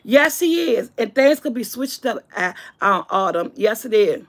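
A woman with a high voice and a rough, gravelly edge talks earnestly to her viewers in a casual vlog. She repeats phrases as she works through her feelings, and her tone stays heartfelt and emotional. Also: lively intonation, unhurried. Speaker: vlogger. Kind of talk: casual heartfelt talk to camera. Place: at home on a couch.

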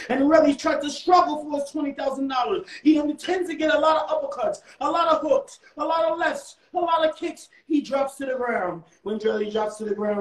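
A man's voice: extremely high pitch, reverberant, poor audio. A man telling a comedic mock-funeral story with a theatrical, over-the-top delivery.

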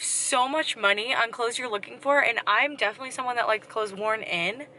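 A young woman in a casual shop-with-me vlog, chatty and excited, often dropping to a whisper, filmed on a handheld camera inside a thrift store. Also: a little high, a little fast, few pauses. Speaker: vlogger. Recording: store noise in background.

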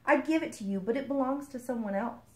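A small, excitable frog hero with a high, ringing voice, fussy and dramatic, as a woman puts him on. He sounds loud and eager, heard in an echoey room. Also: fast talker, close to an everyday voice. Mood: polite.

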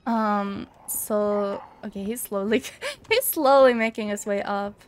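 A young woman streams a horror game in casual let's play style, chatting, reading notes aloud and getting spooked easily. Her mid-range voice is slow and smooth.

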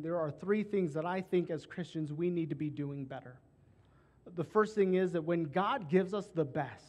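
A man, a pastor, preaching a sermon in a rhythmic way, repeating phrases, rising through lists and slowing on key words before closing in prayer. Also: high voice, a little mellow.

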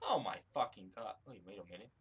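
A man's voice: lowish voice, animated, quick pace, highs cut off. A man giving angry gameplay commentary, swearing constantly and ranting at other players. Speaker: gamer recording his own play.

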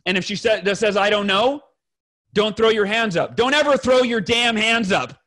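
A man telling an emotional personal story to other fathers as a podcast guest, earnest and rambling, correcting himself, clearing his throat and swearing now and then. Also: sits high, moderate pace, fairly bright tone.

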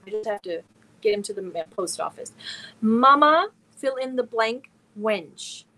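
A middle-aged woman chats casually on her live stream. Her voice sits a little high, and she greets viewers and answers their messages one by one. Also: expressive, unhurried. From Germany. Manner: reads chat messages aloud and answers viewers warmly one by one.

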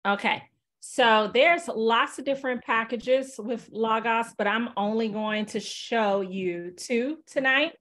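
A woman demonstrates software over a video call webinar, relaxed and chatty, filling her speech with lots of fillers. Her voice is a little high and she talks slowly.

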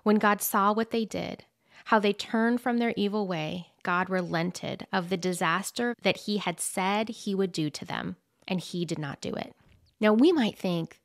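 A woman's voice: medium pitch, measured pace, no room sound. Earnest woman teaching Bible, dry sound. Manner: earnest, conversational, reads scripture aloud. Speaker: Bible teacher and podcast host.

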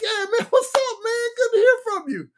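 A man voicing a carefree young guy greeting his buddies, talking from the throat in a strained, high, exaggerated voice. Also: animated, moderate pace, fairly bright tone. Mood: hyped, joking. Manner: exaggerated, jokey.

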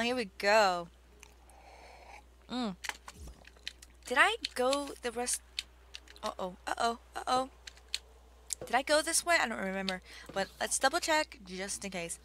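Her voice on the high side, this young woman plays a video game and commentates in an excitable, gushing way, laughing and exclaiming a lot, yet she speaks unhurriedly with long pauses. The let's play audio, from a budget desktop mic, carries keyboard clicks and faint background noise.

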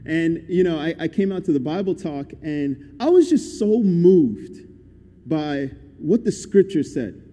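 A man's voice: on the high side, animated, a little slow, dark tone. A young man giving a guest sermon in a conversational, upbeat and encouraging way. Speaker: guest preacher. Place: church hall. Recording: echoey church hall.

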